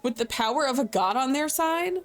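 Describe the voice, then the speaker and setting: A woman's voice: high voice, lively intonation, a little fast, soft background music. A woman reading a young heroine's questions aloud in her own voice. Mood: curious.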